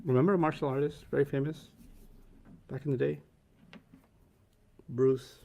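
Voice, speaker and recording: A man's voice: medium pitch, fairly even intonation, normal speed, creaky, mellow. A man teaching a class, playful and teasing, laughing easily with his students.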